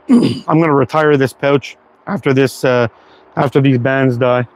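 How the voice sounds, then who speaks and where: A middle-aged man casually chatting on a livestream as he shoots, relaxed and self-deprecating. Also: medium pitch, unhurried, rough recording. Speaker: slingshot livestream host. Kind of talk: casual live-stream chat while target shooting.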